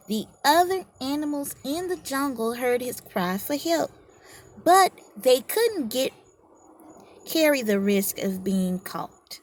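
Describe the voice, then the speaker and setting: A woman's voice: a little high, darkish tone. A woman educational consultant giving a leadership lesson, asking rhetorical questions, teasing her listeners and telling a fable. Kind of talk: motivational leadership lesson with storytelling.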